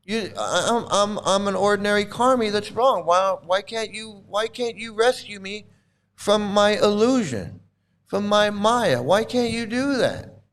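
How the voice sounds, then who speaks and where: High-voiced man in an angry rant. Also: lively intonation, unhurried, a bit bright. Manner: furious, repetitive, swearing, bitter. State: angry, voice breaking at times. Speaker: channel host, cult critic. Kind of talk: angry monologue to camera.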